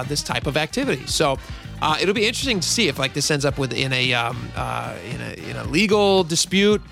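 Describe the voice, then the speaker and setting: Radio host guy in his 30s, rambling friendly chat, slightly high voice, bright. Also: creaky. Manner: chatty, rambling, self-deprecating. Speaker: radio talk show host.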